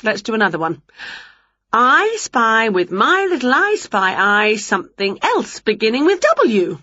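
Winnie, a woman doing a high excitable witch. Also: a little slow, breathy edge, no echo, exaggerated voice. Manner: chatty, boastful, exclamatory. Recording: dull lo-fi recording.

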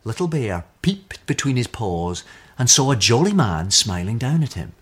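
A man reading a children's story aloud with expressive, animated storytelling. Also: mid-range voice, normal speed, slightly rough.

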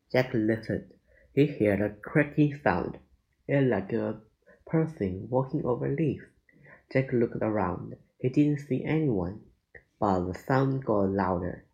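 A man slowly reading a children's chapter book aloud, deliberate and stumbling now and then, on a dull lo-fi recording. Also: mid-range voice, creaky. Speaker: narrator.

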